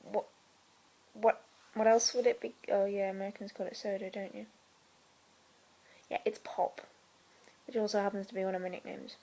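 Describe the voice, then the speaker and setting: A young woman from South Wales with a Welsh accent, chatting casually through a question list with deadpan, dry humour and quiet whispered asides. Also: mid-range voice, normal speed, long pauses, rough recording. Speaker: vlogger. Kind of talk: casual chat.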